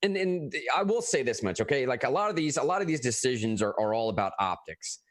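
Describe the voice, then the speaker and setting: A man talking casually about politics as a podcast co-host, animated and often restarting his phrases. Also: mid-range voice, fast talker, no room sound, clean studio sound.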